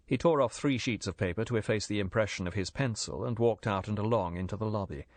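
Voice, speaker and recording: A man narrating a thriller audiobook in a measured, steady storytelling manner. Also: on the low side, dry recording. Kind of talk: scripted narration.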